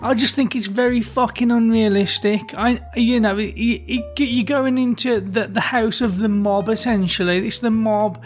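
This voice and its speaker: A man co-hosting a podcast chats casually and bluntly, swearing freely. His voice is high and steady, at a moderate pace with hardly any pauses.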